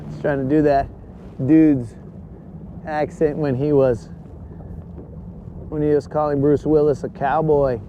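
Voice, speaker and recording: A man's voice: a little high, little pitch movement, unhurried, long pauses, narrow, tinny audio, slight background noise. A man hosting a live fishing stream from a boat on a lake. He talks in a casual, joking way and keeps calling his viewers bros. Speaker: fishing livestream host.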